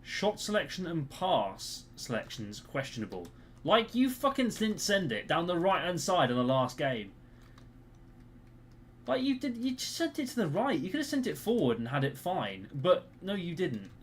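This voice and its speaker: A British man talks through a live game in a lively, swooping voice, cursing and complaining about his teammates as he plays. His tone rises and falls a lot. A faint clack of typing sits under his voice. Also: on the high side, normal speed, slight background noise. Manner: swears and grumbles at teammates. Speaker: streamer. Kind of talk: live gameplay commentary.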